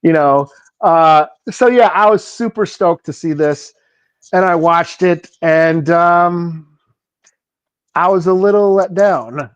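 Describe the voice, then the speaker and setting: A laid-back man talking on a podcast, his voice sitting high for a man and his pace unhurried. He sounds dry and close to the mic, with casual slang throughout. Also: smooth, no echo, highs cut off. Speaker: podcast co-host. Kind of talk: casual chat.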